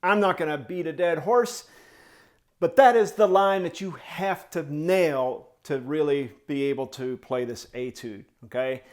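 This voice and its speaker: A man's voice: on the high side, a little slow. A man teaching snare drum step by step, singing the rhythms in syllables, counting off tempos and encouraging his students. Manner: coaching and encouraging. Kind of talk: step-by-step music tutorial.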